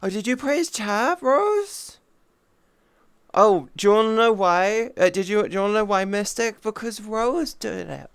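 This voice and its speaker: A man chatting casually on a livestream, teasing viewers playfully and cooing soft praise at them. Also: sits high, expressive, measured pace, gravelly, clean tone. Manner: playful, teasing chat banter. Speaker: streamer.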